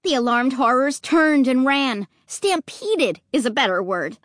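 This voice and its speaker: High, lively woman reading a story. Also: a little slow, dry recording, studio quality. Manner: lively, voicing dialogue with rising excitement. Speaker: audiobook narrator.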